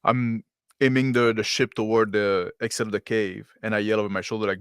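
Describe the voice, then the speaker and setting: Smooth-voiced man playing a pilot character. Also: lowish voice, little pitch movement, brisk, fairly bright tone, no room sound, clean studio sound. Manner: casual, stop-start narration of his own actions. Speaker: player. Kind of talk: in-character tabletop role-play.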